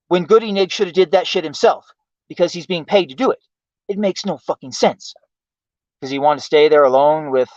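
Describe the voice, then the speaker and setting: A man's voice: fairly high pitch, no echo. A man hosting a livestream, ranting with exasperation and heavy profanity and asking why again and again. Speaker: livestream host. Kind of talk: ranting commentary. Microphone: home streaming mic. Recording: dull lo-fi stream audio.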